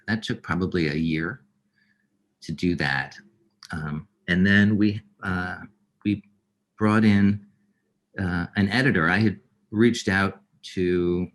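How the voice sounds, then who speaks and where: Low deep voiced middle aged guy, filmmaker in an interview, lots of ums and restarts. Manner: halting, many fillers and restarts. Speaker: filmmaker guest. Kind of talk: reflective interview talk.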